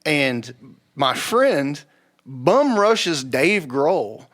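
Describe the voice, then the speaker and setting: Young male podcast guest, upper-middle pitch, very lively, casual and profane storyteller. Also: very slow. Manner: animated, swears freely, acts out quoted voices loudly.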